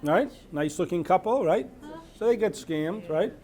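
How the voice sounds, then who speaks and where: Man with a somewhat high voice giving an informal community talk, reading bits of a news piece aloud and breaking off into loose, rambling asides. He keeps checking in with his listeners and often leaves sentences half-finished. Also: expressive, a little slow, darkish tone. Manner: chatty, asks "right?" often, trails off mid-sentence. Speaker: presenter at a scam awareness talk.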